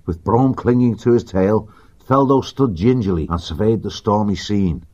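A man reads an adventure audiobook in a steady, vivid voice. His tone sits low and a bit husky, and the recording sounds dull and lo-fi. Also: moderate pace. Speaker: audiobook narrator. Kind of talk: scripted storybook narration.

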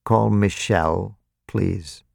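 Man doing a chilly vampire, slow and flat, gravelly and low. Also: dry recording, studio quality, full character voice. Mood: cold, measured. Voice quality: practiced, mimicked sympathy. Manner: slow, measured, detached. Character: cold, calculating male vampire commander.

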